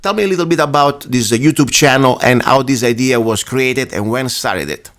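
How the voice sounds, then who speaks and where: Foreign-accented guy hosting talk radio, loud and animated, laughs a lot. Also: medium pitch, fairly quick, a little hiss or hum. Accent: foreign-accented English. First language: not English. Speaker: radio show host.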